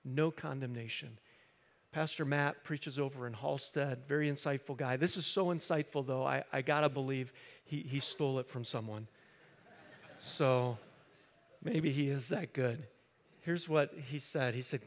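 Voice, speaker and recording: Impassioned preacher in a reverberant hall. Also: male voice, medium pitch, a little slow. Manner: impassioned, building from quiet to loud emphasis. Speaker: pastor. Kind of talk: sermon. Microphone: handheld or stand microphone.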